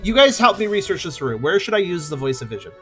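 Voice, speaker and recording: A man's voice: high voice, big pitch swings, fast, fairly bright tone, soft background music. A man streaming a game, chatting casually and thinking aloud while he plays. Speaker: let's play streamer. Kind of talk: casual gameplay chat.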